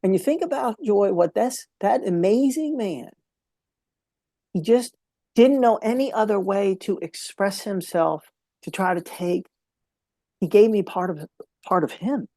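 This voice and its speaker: A man's voice: high voice, unhurried, pauses often, warm tone, no echo. A man speaking as a podcast guest, telling a heartfelt story in an earnest way and repeating key phrases for emphasis.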